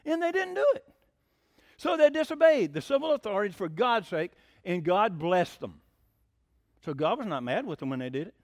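A man preaching a sermon in a folksy, plain-spoken way, firing off rhetorical questions and getting worked up to near shouting. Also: sits high, big pitch swings, normal speed, no echo, clean studio sound.

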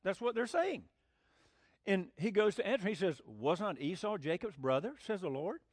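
A man's voice: high voice, big pitch swings, moderate pace, dry recording. A man preaching a folksy, emphatic sermon and acting out the voices he quotes. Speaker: pastor.

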